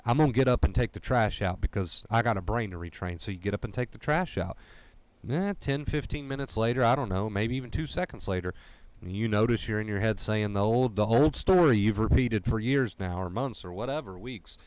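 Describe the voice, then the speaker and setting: A man's voice: lowish voice, brisk, darkish tone, no room sound. A man hosting a livestream as an anxiety coach, talking emphatically to his chat and repeating key phrases. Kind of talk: motivational livestream talk.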